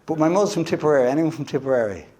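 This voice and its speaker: An Irish man gives a motivational talk, telling his own story with plenty of energy and acting out the voices of the people in it. His voice sits a little high for a man, and it swings widely and expressively up and down as he talks. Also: rapid-fire. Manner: animated storyteller who acts out quoted voices. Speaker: guest speaker at a wellness event.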